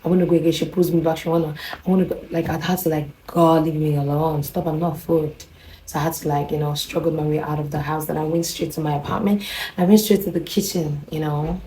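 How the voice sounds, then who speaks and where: A young Nigerian woman vlogs to camera in a chatty, confiding way, telling a story and often repeating herself. Her voice is deep and dark in tone, heard in a roomy space. The recording is low quality, with a little hiss or hum.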